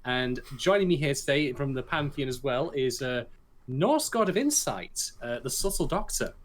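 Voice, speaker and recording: A man's voice: mid-range voice, sing-song, moderate pace. A man co-hosting a podcast in casual chat, joking, teasing and swearing freely. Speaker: podcast co-host.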